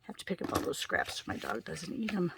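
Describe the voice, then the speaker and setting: A woman's voice: fairly low pitch, wildly swooping pitch, brisk, vocal fry, background noise. A woman giving a casual card-making tutorial, chatting her way through each step as she works.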